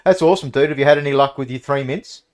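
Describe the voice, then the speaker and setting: A man's voice: mid-range voice, fast. An Australian man hosting a casual chat, upbeat and enthusiastic. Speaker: host.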